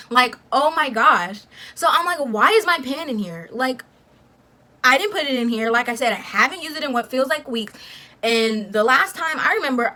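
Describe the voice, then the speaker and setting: A young woman tells a casual storytime to her camera, animated and full of swearing and "like" fillers. Her voice sits fairly high and sounds bright and forceful. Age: young adult. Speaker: vlogger.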